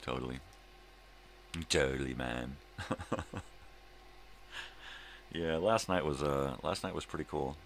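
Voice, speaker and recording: Very deep gravelly older man, laid-back. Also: slow, pauses often, slight background noise. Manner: rambling, laid-back, laughs often. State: hungover. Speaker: livestream host. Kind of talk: casual chat to viewers.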